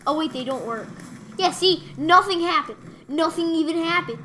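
A young woman commentating a Minecraft match, excitable and prone to squealing and shouting when things happen in the game. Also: very high-pitched, moderate pace, background noise. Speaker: gaming YouTuber. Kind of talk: Minecraft let's play commentary.

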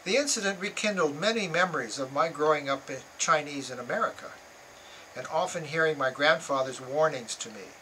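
An older man reading aloud from his own memoir in a measured, earnest way. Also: on the high side, bright, forceful tone, slight background noise, rough recording.

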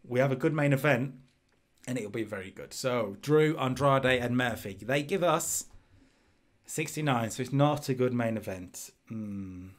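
A man's voice: mid-range voice, normal speed. A man casually commentating on his own playthrough of a wrestling management game, chatty and reading out scores as he goes. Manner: chatty, restarts and fillers, reads out scores. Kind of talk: casual let's-play commentary.

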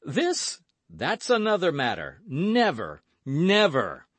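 Loud and emphatic, this hot-tempered young swordsman, voiced by a male audiobook reader, leaps high in pitch with a lively swing. Close and dry, no room around it. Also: slow, dry recording, heavily acted. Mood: alarmed.

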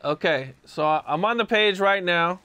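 High, smooth-voiced man asking questions. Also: normal speed, no room sound. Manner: calm, brief questions. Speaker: interview host. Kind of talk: interview questions.

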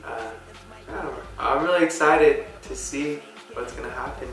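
Recorded far from the mic in a very echoey room with music in the background, a young man stumbles through a rambling birthday message to a friend, often letting sentences trail off. He speaks at normal speed with a steady, medium-pitched, slightly bright voice.

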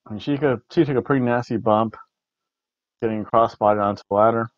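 A man hosts a casual review chat, rambling along and often restarting his sentences. His voice sits at an ordinary middle pitch. The recording is dry and a little dull. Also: fairly quick, no echo. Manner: rambling, repeats words, food-rating jokes. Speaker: podcast co-host reviewing wrestling.

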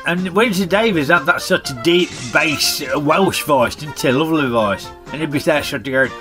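A man's voice: fairly high pitch, normal speed, over music. A man reviewing a film in a chatty, jokey way, using broad dialect. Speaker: film reviewer, channel host.

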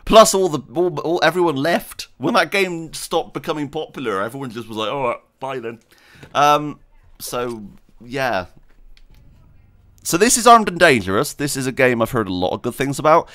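A man's voice: a little high, lively intonation, normal speed, a bit bright, no room sound, studio quality. A man hosting a gaming video, chatting casually and rambling while he plays, laughing often and talking to himself. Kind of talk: casual gameplay commentary.

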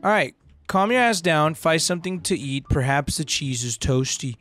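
A man's voice: a little high, expressive, normal speed, a bit bright. A young man, joking and swearing through casual let's-play commentary and mixing in slang. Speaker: gaming streamer.

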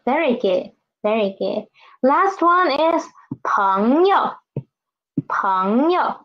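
A woman teaching a beginners' Mandarin lesson in a slightly raised voice. She drills words with great patience and very slow pacing, repeating each one for learners to echo. The recording sounds somewhat dull and lo-fi. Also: fairly high pitch, big pitch swings. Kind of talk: online language lesson.

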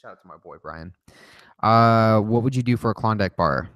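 A man's voice: lowish voice, moderate pace, a bit bright, dry recording, clean studio sound. A man hosting a livestream, answering viewer questions in a casual, joking way with plenty of swearing and rambling asides. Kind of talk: casual rapid-fire Q&A livestream.

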